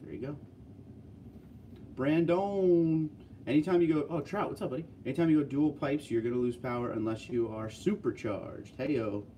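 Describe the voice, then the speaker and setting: A man hosting a casual livestream, reading viewer comments aloud and chatting back in a relaxed way. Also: medium pitch, normal speed, distant mic, a little hiss or hum.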